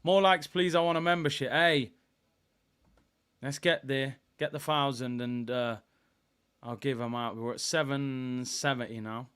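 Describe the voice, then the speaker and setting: A young man hosting a live football watchalong, chatting casually with viewers and bursting into excitement. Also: mid-range voice, a little slow, pauses often, clean tone. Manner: animated, banter with chat, bursts of excitement.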